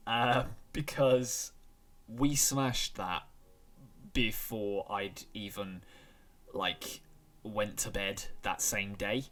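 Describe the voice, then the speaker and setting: A man, hoarse today, chatting casually and apologetically as he opens a let's-play video. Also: mid-range voice, fairly bright tone. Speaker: gaming YouTuber.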